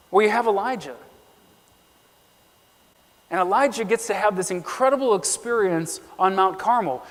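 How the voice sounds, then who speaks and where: A man preaches a sermon with a notably high voice. He reads scripture aloud and acts out the quotes earnestly. The sound carries the long reverb of a church hall. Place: church sanctuary.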